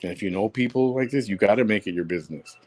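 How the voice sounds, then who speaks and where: A man's voice: fairly low pitch, fast talker, darkish tone. A man from Chicago, hosting a solo audio show, talking bluntly and heatedly, repeating himself for emphasis. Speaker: podcast host.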